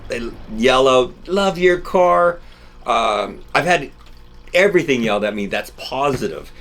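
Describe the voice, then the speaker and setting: A middle-aged man hosting a car channel, telling rambling, animated stories in casual chat to camera. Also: medium pitch, moderate pace. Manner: rambling, animated storytelling with restarts. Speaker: channel host. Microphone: camera-mounted mic, no lapel.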